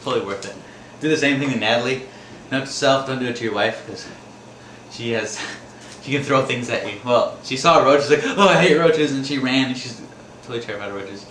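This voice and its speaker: A Wisconsin storyteller talks a little fast in a mid-range, fairly bright voice, rambling and laughing through funny and scary personal stories and acting out the screams. It's casual storytelling recorded in an echoey room where faint background noise can be heard.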